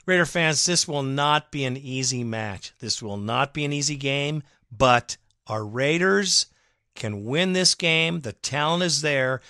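A man hosting a sports fan podcast, giving an emphatic, rallying and sarcastic monologue that breaks into loud bursts. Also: medium pitch, expressive, unhurried, dry recording, studio quality. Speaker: podcast host.

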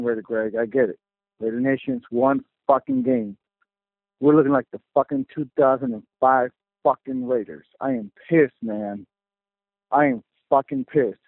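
A man's voice: mid-range voice, no room sound. A man calling in to a fan show to vent his fury, swearing constantly as he rants. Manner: furious, profane, fast venting. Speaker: caller. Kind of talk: angry call-in rant. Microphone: phone. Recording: tinny phone line.

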